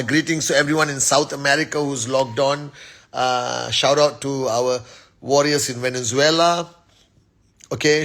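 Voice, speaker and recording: A man's voice: medium pitch, fairly bright tone. A man hosting a casual phone live stream, upbeat as he rattles off names and greetings to his followers. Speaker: network marketing leader hosting a live stream. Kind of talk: casual Instagram live shout-outs.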